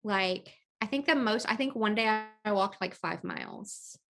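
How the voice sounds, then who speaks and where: A woman's voice: medium pitch, animated, normal speed. Chatty laughing woman podcaster. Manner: laughs often, acts out quotes animatedly. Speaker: podcast co-host. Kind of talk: casual chat. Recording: rough home audio.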